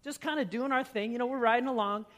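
Very high-voiced middle-aged male pastor. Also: fast. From Minnesota. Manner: animated, self-mocking storyteller who laughs at himself. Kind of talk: sermon with personal storytelling.

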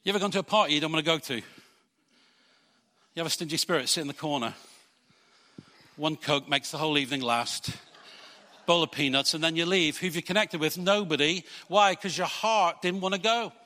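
A man preaching a sermon as pastor, putting rhetorical questions to his congregation and swinging between loud urging and quiet earnestness. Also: a little high, brisk, long pauses, big-room sound.

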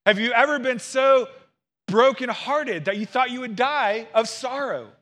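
A man in his thirties preaching a sermon, earnest and expressive, acting out quotes along the way. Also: very high voice, unhurried. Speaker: pastor.

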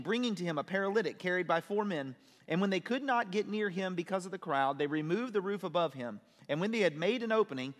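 A man's voice: on the high side, long reverb tail. A man teaching a sermon, reading scripture aloud and explaining it with questions to his listeners. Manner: explains and asks questions, reads verses aloud. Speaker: preacher.

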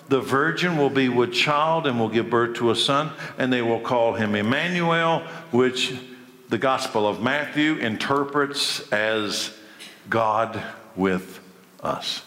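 A man preaching a sermon, emphatic, pausing for effect and asking rhetorical questions. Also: mid-range voice, fairly bright tone. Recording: echoey hall, long reverb.

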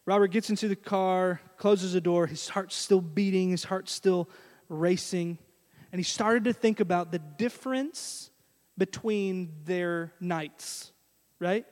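Man, preacher, high voice, animated sermon storytelling, long church-hall reverb. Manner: animated storytelling, addresses the congregation directly. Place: church sanctuary.

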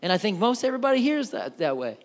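A man's voice: sits high, big pitch swings, fast, gravelly. A male pastor preaching a casual, conversational sermon with jokes and acted-out voices. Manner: conversational, joking, acts out voices.

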